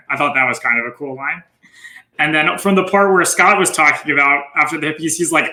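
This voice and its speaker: Male podcast co-host, slightly high, bright voice, guides the show, roomy recording. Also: fairly quick. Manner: runs the segments, apologetic asides. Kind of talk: casual podcast chat. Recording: roomy echo.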